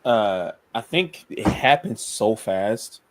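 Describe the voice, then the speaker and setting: A man playing a tabletop role-playing game, casual and excitable, swearing freely. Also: fairly low pitch, slow, dry recording. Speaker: player.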